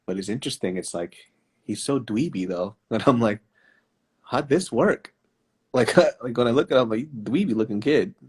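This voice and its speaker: Low, husky man joking around. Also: a little fast. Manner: laid-back, swearing, joking. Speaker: comedian guest. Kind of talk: casual chat. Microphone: phone on a live stream.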